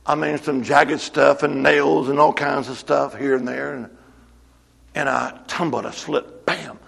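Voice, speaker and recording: A man preaching a sermon to his church, moving from quiet storytelling to shouted exhortation. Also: medium pitch, level tone, measured pace, gravelly, in a large hall. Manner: builds from hushed storytelling to shouted call-and-response exhortation. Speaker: pastor.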